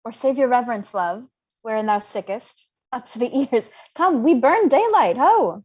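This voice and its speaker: A young woman reading the part of Mercutio, a witty, mocking young man, in an unrehearsed livestreamed Shakespeare reading, with brisk and playful delivery. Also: on the high side, lively intonation, darkish tone, husky, dull audio. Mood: teasing. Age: young adult. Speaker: volunteer reader.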